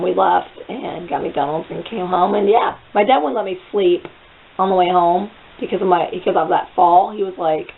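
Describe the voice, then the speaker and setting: A young woman casually telling a story, rambling, excitable and full of swearing. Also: on the low side, creaky, husky. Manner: rambling, profane, excitable retelling. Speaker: vlogger. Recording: phone-like narrow sound.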